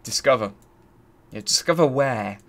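A man's voice: medium pitch, animated, unhurried, over a noisy crowd. A man hosting a let's play, thinking aloud and grumbling as he searches. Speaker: gaming channel host.

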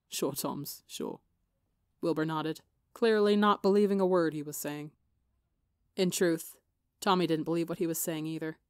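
Woman narrator for audiobook fiction, slightly gravelly, low voice, dry close sound. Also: a little mellow, dry recording. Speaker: podcast fiction reader.

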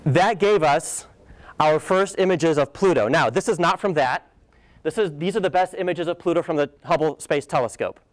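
A young man gives a guest lecture over slides, his voice sitting a little high for a man. He talks with casual enthusiasm and drops in playful asides. The sound is dry and close, with little room around it. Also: no room sound. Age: young adult. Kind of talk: presentation talk with slides. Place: lecture hall.

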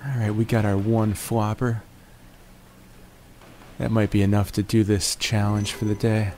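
A man in a groggy morning voice narrating his gameplay, relaxed and jokey, making little puns as he goes. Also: fairly low pitch, a little slow, slight background noise. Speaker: gaming video host. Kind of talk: gameplay commentary.

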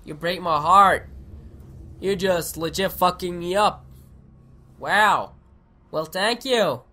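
A young man giving excitable let's play commentary, swearing and shouting at the game. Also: high voice, slow pace. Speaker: gaming commentator.

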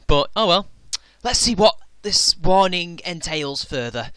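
Male reaction commentator, sharp bright tone, heavy mocking sarcasm. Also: sits high, animated, a little slow, clear, resonant tone. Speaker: reaction video maker.

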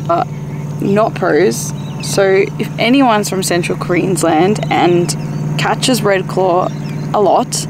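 A young woman chatting on a casual outdoor vlog, joking and acting out animals and people in silly voices. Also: mid-range voice. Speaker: vlogger. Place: outdoors by a dam. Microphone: phone camera. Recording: phone video with noisy outdoor background.

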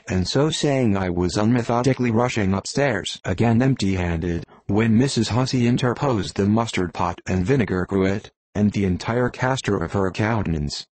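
A man narrating an audiobook in a plain, steady storytelling manner. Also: lowish voice, moderate pace, hardly any pauses, husky, dry recording. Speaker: volunteer reader.

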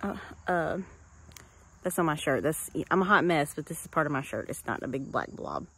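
A woman's voice: low-pitched, big pitch swings, normal speed, vocal fry, a bit bright, breathy edge. A woman with a Southern American accent chatting casually to her camera outdoors in her yard, rambling and restarting her sentences as a family vlogger. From West Tennessee, USA. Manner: rambling, chatty, trails off and restarts mid-thought. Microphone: handheld camera.

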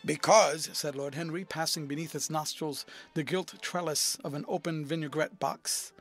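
A male audiobook narrator reads a classic novel in a measured, even way. His voice sits fairly high for a man, and soft music plays faintly behind him. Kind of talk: scripted narration.

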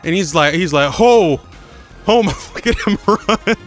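Male streamer, rambling crude humor, slightly high voice. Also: normal speed, a bit bright, faint music behind. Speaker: gaming streamer. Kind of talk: casual gameplay commentary.

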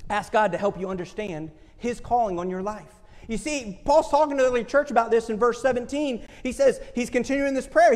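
High-voiced preaching man in a reverberant church. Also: brisk, a little mellow. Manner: impassioned preaching, acts out quoted voices. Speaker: pastor. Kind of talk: sermon. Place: church sanctuary. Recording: long hall reverb from a church.

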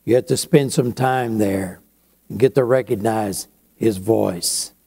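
Pastor, male; slow, unhurried sermon delivery with a warm, mellow tone and chatty asides. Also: fairly low pitch, gravelly, slightly rough. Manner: slow, conversational preaching with asides.

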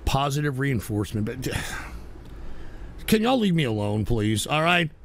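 A man hosting a live stream, reading donations aloud and cursing at his chat in combative rants that burst into shouts. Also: mid-range voice, sing-song, slow pace, a little hiss or hum. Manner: profane, combative ranting with sudden shouts. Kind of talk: live call-in style radio stream.

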